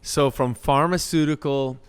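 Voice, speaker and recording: A man's voice: medium pitch, fairly even intonation, a little slow, a little hiss or hum. A man hosting a podcast, chatting enthusiastically and effusively with his guest. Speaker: podcast host. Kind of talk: casual interview chat.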